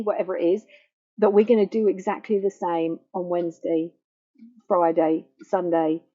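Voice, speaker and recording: A woman counselling on grief in a gentle, slow, reassuring way that softens to a near hush. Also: lowish voice. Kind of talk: guided self-help talk. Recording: dull lo-fi faulty microphone.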